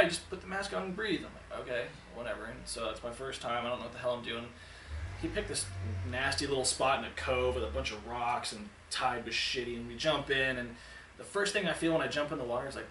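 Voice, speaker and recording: A man's voice: mid-range voice, slight background noise. Candid storytelling man in a roomy space. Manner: candid, animated storyteller who swears freely. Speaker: guest strongman athlete. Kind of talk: casual podcast storytelling. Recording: roomy sound from a distant mic.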